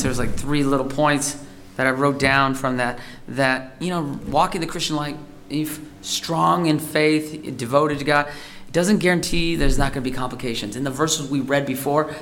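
A man's voice: on the high side, moderate pace, fairly bright tone, a little hiss or hum. A man giving an informal, conversational sermon as a lay preacher, rambling and heartfelt. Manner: conversational, rambling, gets emotional.

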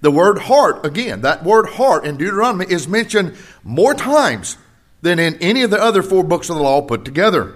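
An older man preaching a sermon to his congregation, swinging between rising emphasis and quiet personal stories. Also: high voice, very animated, normal speed. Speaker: pastor.

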